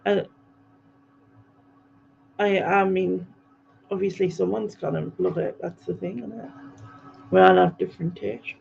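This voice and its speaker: Woman livestream host, gravelly voice, rambling casual chat, dull lo-fi audio. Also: fairly low pitch, steady tone, unhurried, pauses often, a little mellow, slight background noise. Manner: chatty, rambling, with frequent ums and laughs. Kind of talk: casual chat reading viewer comments.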